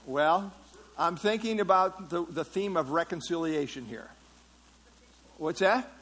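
A man's voice: on the high side, animated, a little slow, a bit bright, poor audio. A man leading an interactive Bible study, explaining a passage in a conversational way and putting questions to the class. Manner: conversational, asks the class questions, frequent fillers. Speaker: Bible teacher.

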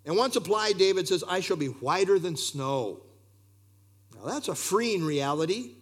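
A male preacher delivers a sermon in a high, bright-pitched voice. His intonation rises and falls widely as he poses rhetorical questions, with the odd filler word along the way. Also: expressive, measured pace.

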